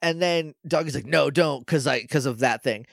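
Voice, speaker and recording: A man's voice: a little high, normal speed, gravelly, dry recording, clean studio sound. A man co-hosting a podcast, casually recapping an episode and acting out the characters' lines with playful voices. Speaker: podcast co-host. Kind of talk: casual chat recapping a show.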